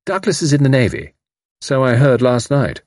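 A man reading an audiobook, voicing a lively, mischievous young woman spy who talks in a breezy, self-assured way. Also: mid-range voice, moderate pace, dry recording, studio quality, pitched above the performer's own voice, natural voice. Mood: playful.

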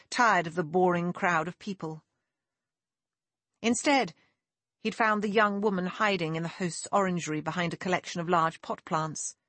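Low husky woman reading a novel, even and measured, dry close mic. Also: dry recording. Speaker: audiobook narrator. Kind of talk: scripted narration.

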